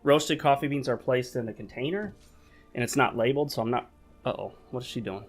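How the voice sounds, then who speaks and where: A man's voice: medium pitch, a little fast, faint music behind. Man with a mid-range voice, gaming host who rambles chattily to viewers between moves. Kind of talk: casual gameplay commentary. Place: home gaming desk.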